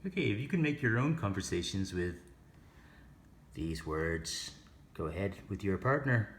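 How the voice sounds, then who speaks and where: A man's voice: sits low, animated, normal speed, slight background noise. A man teaching an English lesson, explaining grammar and pronunciation step by step and asking the class questions.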